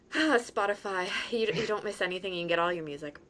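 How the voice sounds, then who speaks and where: A woman hosting a podcast in a casual interview, chatty, quick to laugh and self-deprecating. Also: mid-range voice, a bit bright. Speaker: podcast host.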